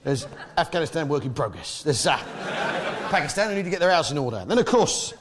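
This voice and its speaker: Fast and sing-song, this British comedian's voice sits on the high side, with noise in the background. He blusters brashly through his stand-up set and trades jokes with the audience.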